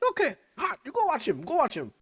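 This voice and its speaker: A squealing, incredulous boss bursts out in shrill, wildly high exclamations, as a man puts him on. The voice leaps far above a normal speaking register and sounds hammy. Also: wildly swooping pitch, fast, fairly bright tone, full character voice. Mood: excited. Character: excitable male boss, squealing surprise.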